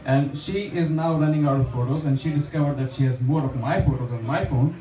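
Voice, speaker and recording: A man's voice: on the high side, a little fast, a crowd in the background. A young man doing open mic stand-up in a small bar, chatty and self-deprecating, with lots of fillers. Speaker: stand-up comedian. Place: small bar stage with a live audience. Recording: echoey bar room, distant mic, audience laughter.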